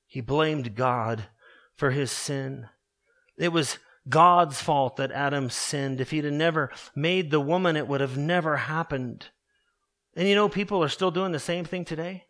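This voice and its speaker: Slow, deliberate male preacher. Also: fairly high pitch, fairly bright tone. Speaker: pastor. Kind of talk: sermon.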